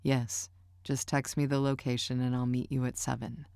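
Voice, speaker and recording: A woman voicing a relaxed, agreeable young man in an audiobook. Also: medium pitch, normal speed, vocal fry, clear, resonant tone, no room sound, lightly acted. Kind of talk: audiobook character voice.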